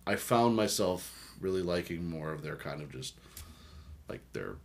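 Male podcast co-host, deep voice, loose joking delivery, slight room hiss. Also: lively intonation, unhurried. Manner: rambling, joking, reads labels aloud. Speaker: beer review podcast co-host. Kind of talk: casual chat.

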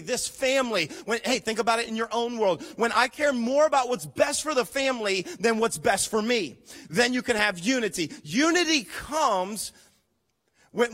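A man with a high voice preaches as a pastor, forceful and insistent. He repeats his key lines, calls for responses from the congregation, and swings between whispered asides and shouting.

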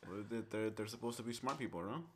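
A man in casual chat, teasing with a dry, deadpan manner. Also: on the low side, fast, background noise.

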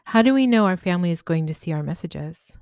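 A woman's voice: on the low side, expressive, fast, a little mellow, dry recording. A woman voicing a young woman spirit who is thoughtful, hesitant and fearful. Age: young adult.

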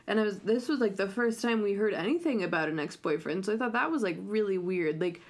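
A woman's voice: medium pitch, brisk. A woman in casual podcast chat, talking with lots of fillers and laughing often. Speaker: podcast co-host. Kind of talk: casual chat recapping a reality show.

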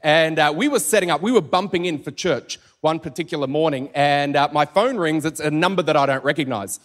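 A man with an Australian accent, preaching a sermon as a pastor in an energetic, joking, conversational way. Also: a little high, a little fast. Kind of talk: sermon with personal storytelling. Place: church auditorium. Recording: church hall reverb with soft music.

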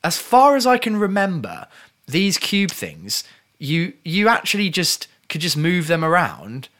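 A man bantering with a friend, playful and stubborn in argument. His voice is bright, with lively rises and falls in pitch. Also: unhurried. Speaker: podcast co-host. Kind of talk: casual banter.

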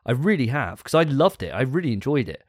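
A man's voice: mid-range voice, big pitch swings, fast talker, no echo, clean studio sound. A man hosting a gaming podcast in casual chat, enthusiastic and profane and laughing often. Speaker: podcast host.

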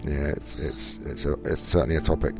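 A man's voice: rumbling low, fairly even intonation, brisk, music in the background. A British man hosting a casual gaming podcast, rambling with frequent restarts. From Britain. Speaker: podcast host.

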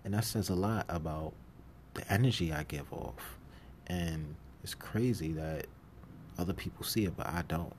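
A New York City man hosts a podcast, his low voice dark-toned and paced moderately, with a slight hiss or hum in the recording. In a casual monologue about his past jobs, he performs the voices of people he quotes and laughs a lot.

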